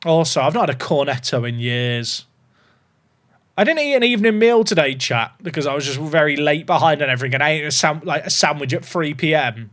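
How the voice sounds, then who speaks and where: Animated thirty-something man streaming. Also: fairly high pitch, a little fast. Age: 30s. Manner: animated, swings between chatty and mock panic. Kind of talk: live-stream gaming chat.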